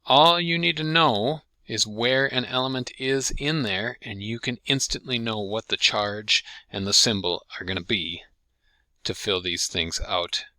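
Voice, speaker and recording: A man teaching a recorded chemistry lesson, patient and steady, often checking in with his students. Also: medium pitch, measured pace, no room sound. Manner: patient, checks in with frequent "okay?".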